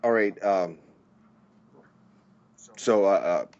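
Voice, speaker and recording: A man's voice: low-pitched, very slow, a little mellow. A man playing a tabletop game, speaking hesitantly with restarts. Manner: hesitant, stop-start. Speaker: player. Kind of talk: casual tabletop play. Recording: dull lo-fi mic.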